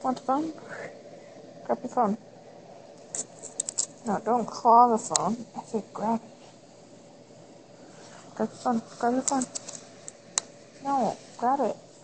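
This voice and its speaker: A woman's voice: on the high side, takes it slowly, long pauses, noisy background. A woman filming her cat on a phone at home, coaxing it in sing-song baby talk. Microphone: phone camera held close.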